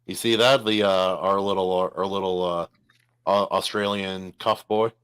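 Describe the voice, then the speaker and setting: A man co-hosting a casual podcast about a comic, excitable, often jumping up in pitch and restarting his sentences. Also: moderate pace, clear, resonant tone, no room sound. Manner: excitable, jumps in with rising pitch, stumbles and restarts. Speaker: podcast co-host.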